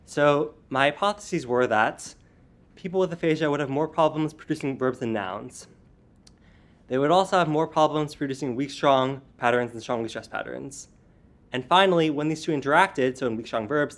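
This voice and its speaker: Man explaining his research findings clearly. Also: medium pitch. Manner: clear and explanatory, leans on contrasting word stress, a few ums. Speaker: student researcher presenting a study. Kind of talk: short academic research talk.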